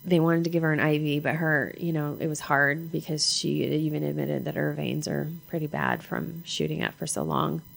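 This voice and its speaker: A middle-aged woman telling a personal story in a halting way, repeating herself and acting out what people said. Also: sits low, level tone, creaky, rough recording. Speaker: mother sharing her story.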